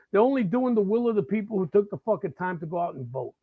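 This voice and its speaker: A man's voice: high voice, expressive, fast, no room sound, phone-quality sound. A man hosting a live show, delivering a profane, heated and sarcastic political rant. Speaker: host of a live talk show. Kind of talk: ranting political monologue.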